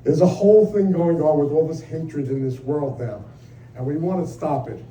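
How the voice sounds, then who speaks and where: Older man, stand-up comedian, brash and profane, high voice, roomy club sound, distant mic. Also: moderate pace, dark tone. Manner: brash, profane, exasperated storytelling. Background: audience laughter.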